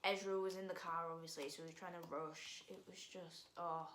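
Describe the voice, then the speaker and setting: A woman's voice: lowish voice, fairly even intonation, brisk, background noise. A teenage girl vlogging in a casual, rambling way, full of fillers, restarts and sighs. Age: teens. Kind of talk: casual storytelling vlog. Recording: roomy echo.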